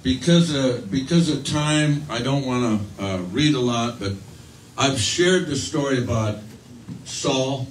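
A man's voice: mid-range voice, unhurried, echoey room, distant mic, slight background noise, poor audio. A man preaching a sermon, telling a story in a conversational way with restarts and fillers, acting out quoted voices. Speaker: pastor.

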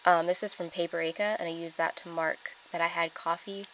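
A woman's voice: lowish voice, level tone, fairly quick, a bit bright, a little hiss or hum, poor audio. A young woman chatting casually through her weekly planner spread, with lots of ums and likes. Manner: chatty, filler-heavy, with many ums and likes. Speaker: planner vlogger. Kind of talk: casual plan-with-me narration.

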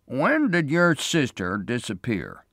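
A man doing a slow, measured small-town sheriff. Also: medium pitch, huge pitch swings, gravelly, fairly bright tone, no echo, clean studio sound, voice pushed up, full character voice. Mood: questioning. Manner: measured, questioning. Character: small-town male sheriff, patient and steady.

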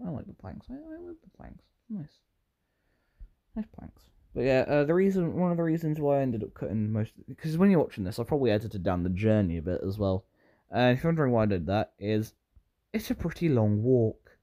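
A man's voice: medium pitch, big pitch swings, brisk, mellow. A British man giving rambling, self-interrupting commentary while playing a game. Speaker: gaming YouTuber. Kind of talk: Minecraft gameplay commentary.

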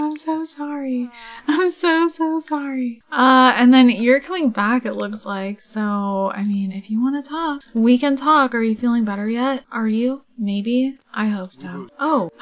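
A young woman hosting a casual let's play, chatting and reacting out loud as she plays, sometimes dropping into a whisper. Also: on the high side, a little slow. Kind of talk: casual gameplay commentary.

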